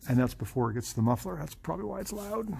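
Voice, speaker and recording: Upbeat mechanic man, slightly high voice. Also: animated, quick pace, creaky, darkish tone, slight background noise. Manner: chatty, thinks aloud, easily amused. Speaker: car mechanic showing a car. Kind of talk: casual walkaround commentary.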